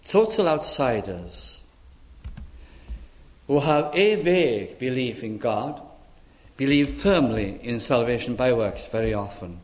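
A man's voice: medium pitch, lively intonation, takes it slowly, pauses often. An older man from Britain preaching a sermon, asking rhetorical questions and voicing imagined speakers.

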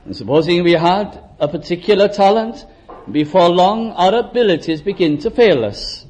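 An older man preaching a sermon, earnest, rising to emphatic exhortations and dropping low and quiet. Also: expressive, normal speed.

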